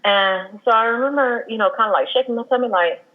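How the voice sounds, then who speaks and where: A woman in her thirties, a guest telling her own story in a candid, halting way, with many fillers and restarts. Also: fairly high pitch, phone-quality sound. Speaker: guest sharing a personal loss story.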